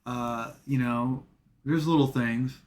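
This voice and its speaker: A man's voice: mid-range voice, fairly even intonation, slow pace. A man chatting casually as a guest, joking and swearing freely. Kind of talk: casual chat.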